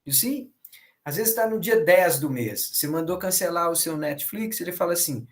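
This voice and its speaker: High-voiced Brazilian man lecturing. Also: a little fast. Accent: Brazilian Portuguese. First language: Portuguese. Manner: switches between English and Portuguese, acts out quoted dialogue. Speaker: professor lecturing. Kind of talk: bilingual lecture with anecdotes.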